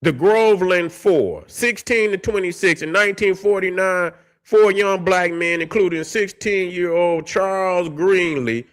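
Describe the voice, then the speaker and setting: With a high-pitched, fairly bright voice and a measured pace, this commentary channel host reads out case histories in between heated outbursts. He swears frequently and trips over words as he rants on his vlog.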